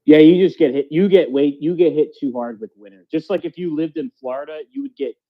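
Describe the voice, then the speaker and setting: Podcast host, man, a bit high-pitched, excitable and profane, dull lo-fi recording. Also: brisk. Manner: animated, swearing, restarts often. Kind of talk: casual chat. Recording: dull lo-fi audio.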